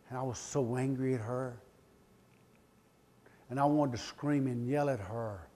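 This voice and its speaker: A middle-aged motivational speaker with a medium-pitched voice addresses a live audience, passionately sharing a personal story. He swings between loud pleading and quiet, emotional confession.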